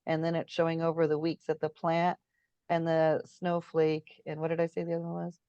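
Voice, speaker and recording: A woman with a fairly low voice tells stories in a loose, chatty way. She acts out what people said and stops now and then to hunt for a word. The sound is dull and lo-fi, with a dry, close feel. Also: monotone, brisk, mellow, clean tone, no room sound. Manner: chatty storyteller, acts out quotes, searches for words. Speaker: guest. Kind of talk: casual spiritual chat.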